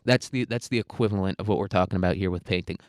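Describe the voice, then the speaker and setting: A man's voice: sits low, rapid-fire, no echo, clean studio sound. A young man ranting in a casual, profane, rambling monologue, full of restarts and blunt opinions. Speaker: podcast host.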